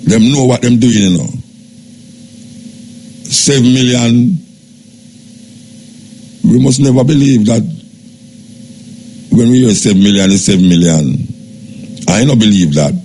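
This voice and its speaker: An older Jamaican man hosting a radio talk show. He gives a measured, skeptical monologue in Jamaican Patois. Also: mid-range voice, warm tone. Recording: radio broadcast with faint background noise.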